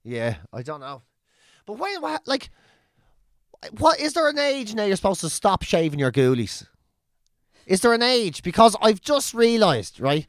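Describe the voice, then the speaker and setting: An Irish man in his forties with a high voice that swings up and down all the time. He chats casually and swears freely, joking along. His voice is dry and close, with no room echo. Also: big pitch swings, unhurried, long pauses. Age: 40s. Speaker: podcast co-host. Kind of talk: casual chat.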